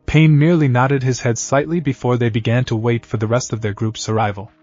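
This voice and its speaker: A man narrating a fanfiction audiobook in a steady, even storytelling manner. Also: medium pitch, fairly quick, dry recording, muffled recording, faint music behind.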